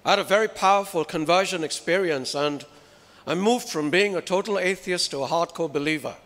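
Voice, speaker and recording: A man's voice: sits high, a little fast, fairly bright tone. A man preaching a sermon with emphasis, putting rhetorical questions to his listeners. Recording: reverberant hall.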